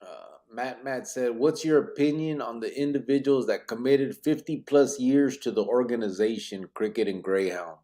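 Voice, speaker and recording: A man's voice: medium pitch, normal speed, few pauses, mellow. A man hosting a podcast interview, reading out viewer questions in a laid-back, casual way. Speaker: podcast host.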